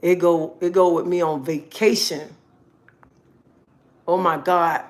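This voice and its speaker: A woman's voice: fairly low pitch, steady tone, slow. A woman talking casually to her viewers on a live stream, chatty and emphatic, repeating herself often. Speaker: livestream host.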